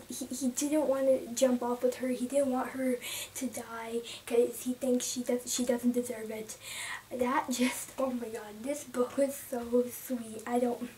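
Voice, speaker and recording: A young woman giving a casual, emotional book review, rambling with many restarts and sometimes dropping to a soft whisper. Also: high voice. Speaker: book vlogger. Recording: distant from the mic, faint room noise.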